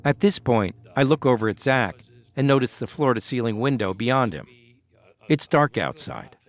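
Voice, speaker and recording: A man narrating a documentary podcast as host in a measured, scripted storytelling voice. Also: medium pitch, expressive, faint music behind.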